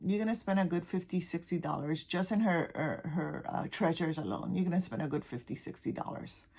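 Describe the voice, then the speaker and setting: A woman's voice: lowish voice, slightly rough. Chatty woman with a Caribbean accent. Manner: chatty, trailing off and restarting, dropping to soft near-whispers. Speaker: cross-stitch vlogger. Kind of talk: casual show-and-tell chat.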